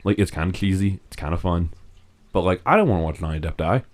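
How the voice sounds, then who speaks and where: A man's voice: low-pitched, animated, fast talker. A young man co-hosting a podcast, joking and rambling in casual chat with lots of restarts. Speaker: podcast co-host.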